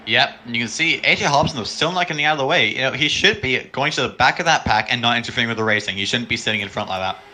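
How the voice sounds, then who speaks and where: This is a man doing color commentary for an online sim racing broadcast over a remote call. His voice is bright and sharp, and he sounds chatty, breaking into quick excited reactions. A faint hiss of noise sits under his mic. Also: mid-range voice.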